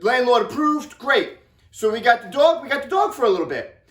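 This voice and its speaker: A middle-aged man telling an animated vlog story, excitable and repeating himself as he acts out what people said. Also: very high-pitched, a little fast. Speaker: vlogger. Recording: echoey room, distant from mic.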